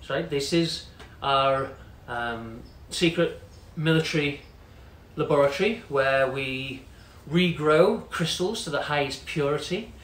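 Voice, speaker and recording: A man's voice: on the high side, slow pace, fairly bright tone. A man telling a long story in a chatty, casual way, full of "you know" fillers and quoted voices. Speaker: company CEO telling a story. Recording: echoey room with faint noise.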